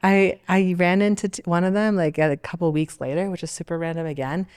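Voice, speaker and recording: Canadian woman, 30s, low smooth voice, chatty, says like a lot, gets animated telling stories. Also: brisk. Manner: chatty, many fillers, animated storytelling. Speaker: interview guest, Olympic athlete. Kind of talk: casual panel conversation.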